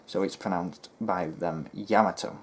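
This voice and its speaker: A man's voice: deep voice, brisk, loud music behind the voice. A man hosting a history video, chatting casually with lots of ums and restarts. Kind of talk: casual rambling commentary to camera.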